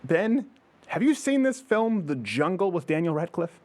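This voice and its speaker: A man's voice: sits high, moderate pace. A male talk show host joking and teasing his guests in casual banter. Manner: jokey, teasing, animated delivery.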